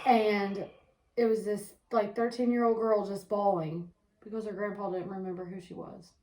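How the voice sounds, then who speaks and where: A woman's voice: mid-range voice, level tone, normal speed, a little mellow. A woman telling stories in casual chat, blunt and full of swearing. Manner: blunt, profane storytelling. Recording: echoey room.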